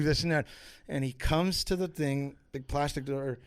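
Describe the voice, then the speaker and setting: A man's voice: mid-range voice, normal speed, hardly any pauses, no echo. A man on a podcast, telling rambling, profane stories in a casual way and switching voices for the people he quotes. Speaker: podcast guest. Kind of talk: casual storytelling.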